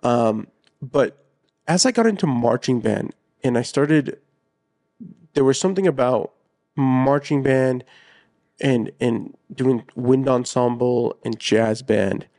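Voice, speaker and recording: A man co-hosting a casual podcast, speaking in an easygoing, halting way. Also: medium pitch, mellow, no room sound, clean studio sound. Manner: easygoing, halting, lots of fillers. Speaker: podcast co-host.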